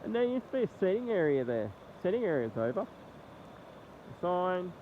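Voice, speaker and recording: A man's voice: sits high, very animated. A man with an Australian accent and a nasal, congested voice, rambling through a casual phone vlog outdoors beside a flooded road. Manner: rambling, halting commentary. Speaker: vlogger. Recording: tinny, lo-fi phone audio with faint noise.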